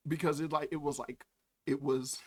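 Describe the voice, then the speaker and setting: Loud mocking man reacting to a video. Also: a little high, level tone, normal speed. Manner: loud, mocking, laughs often, swears a lot. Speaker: YouTube commentator. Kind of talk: reaction commentary.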